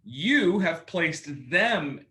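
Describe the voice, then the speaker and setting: A male sales coach talks his class through phone habits in a bright, forceful voice. He is lively and playful, and he acts out both sides of the calls he describes. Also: a little high, drawn-out words.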